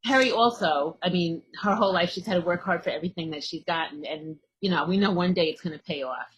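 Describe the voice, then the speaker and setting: A woman's voice: on the low side, quick pace, breathy edge, highs cut off. A woman hosting a casual interview, enthusiastic and supportive, with many fillers. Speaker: interviewer, podcast host.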